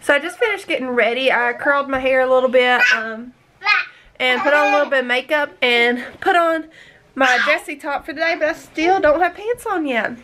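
A woman's voice: high voice, fairly quick, background noise. A young woman in her twenties chatting casually in a home vlog, upbeat and rambling. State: out of breath. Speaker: vlogger.

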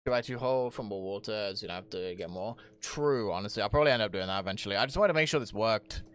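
A man's voice: on the low side, fast talker, clean tone, no room sound. A young man live-streaming a game, reading chat aloud and answering in a jokey, self-mocking way with plenty of swearing. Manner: jokey, self-mocking, swears a lot, bursts into loud laughs.

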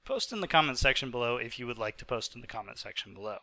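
This gaming channel host is a twenty-five-year-old man who is sick and hiccuping. Over his own recorded gameplay he gives rambling, chatty commentary packed with fillers, in a medium-pitched, expressive, bright and forceful voice at a quick pace.

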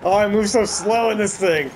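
A man's voice: sits high, noisy background. A man giving casual, profane gameplay commentary, laughing often and trash-talking his opponents.

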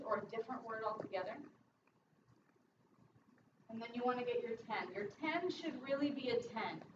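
A woman in her thirties, a therapist giving a casual workshop talk, joking and quizzing her audience. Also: a little high. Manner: chatty, jokey asides, quizzes the audience. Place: lecture room. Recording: echoey, distant, dull and noisy.

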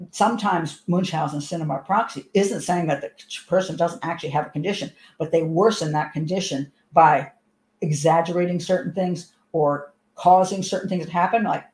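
A woman's voice: fairly low pitch, darkish tone. A woman hosting a show, giving casual commentary and telling a rambling, chatty personal story full of restarts. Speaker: host and commentator. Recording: echoey room.

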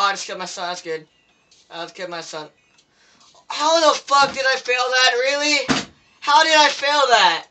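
A man's voice: sits high, pushed and bright. A teenage boy commenting on his own gameplay, swearing and pleading with the game in frustration. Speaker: gameplay video maker.

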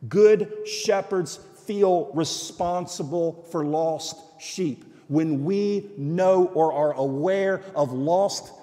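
A man's voice: fairly high pitch, very slow, hardly any pauses, mellow. A man preaching a sermon as a guest missionary, telling stories and repeating phrases for emphasis, recorded on a church livestream. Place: church sanctuary. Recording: church livestream with long hall reverb.

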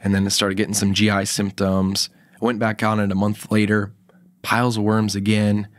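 A man's voice: on the low side, completely flat delivery, moderate pace, no room sound, clean studio sound. A man speaking as a guest health expert in a podcast interview, telling a personal story in a casual way and acting out the quoted dialogue. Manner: casual, acts out quoted dialogue in his anecdotes; fillers and restarts, emphatic.

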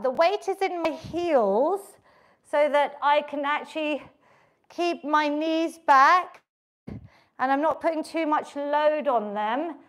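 A middle-aged woman, leading a home workout, counting reps and calmly coaching form. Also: high-pitched, slow. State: out of breath at times. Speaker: fitness instructor. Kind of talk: live workout instruction.

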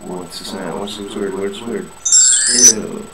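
A man's voice: lowish voice, fairly even intonation, measured pace, roomy sound, very noisy. A man, an English teacher, casually walking through a lesson plan and repeating vowel sounds as a drill.

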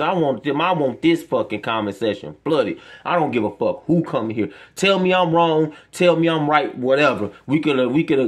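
A man, speaking straight to his viewers. He rants with passion and profanity, preaching his point again and again. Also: on the high side. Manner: impassioned, profane, preachy ranting. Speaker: vlogger. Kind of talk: emotional monologue to camera.

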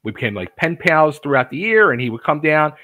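A male podcast host in his fifties, with a fairly high voice. His tone is bright and forceful. He tells stories in an animated way, acting out the people in them and often stumbling into restarts. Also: a little fast, dry recording. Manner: animated storyteller, acts out quotes, frequent restarts. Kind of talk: casual storytelling chat.

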